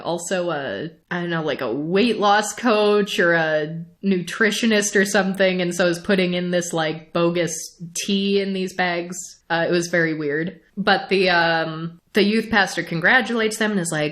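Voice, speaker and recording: A young woman co-hosting a podcast, recapping a show in a casual, animated way, laughing often and restarting her sentences. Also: medium pitch, unhurried. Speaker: podcast co-host.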